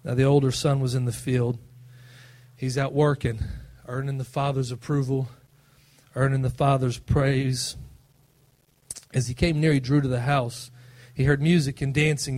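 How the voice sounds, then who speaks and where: A male pastor preaching a sermon, emphatic and swinging between loud passages and soft, low ones. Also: little pitch movement, normal speed.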